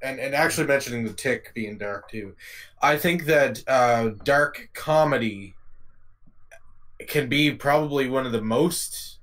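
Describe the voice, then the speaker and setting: A man with a mid-range voice speaks slowly on a casual livestream panel. He keeps pausing and fills his sentences with ums and uhs. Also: mid-range voice, a bit bright. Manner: slow, halting, many ums and uhs. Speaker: panel guest. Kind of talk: casual group discussion.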